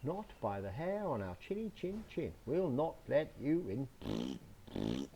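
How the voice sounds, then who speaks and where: A man voicing small, scared little pigs in a squeaky high voice while reading a storybook to children. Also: wildly swooping pitch, slow, warm tone, full character voice. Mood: defiant. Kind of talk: reading a picture book aloud to children.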